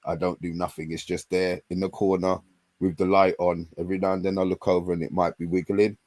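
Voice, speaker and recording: A man's voice: low voice, flat delivery, brisk, a little mellow, no room sound. A man co-hosting a casual fan podcast, blunt and jokey, laughing often. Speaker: podcast co-host. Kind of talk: casual chat.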